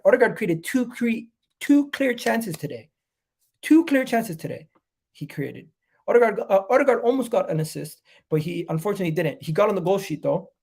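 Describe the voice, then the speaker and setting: A man hosts a live football reaction stream with a stuffy, nasal voice from a cold. His voice sits a little high and has a gravelly edge. He hammers home each point by repeating it with hyped conviction. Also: a little mellow. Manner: repetitive, emphatic, hyped. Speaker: football fan channel host.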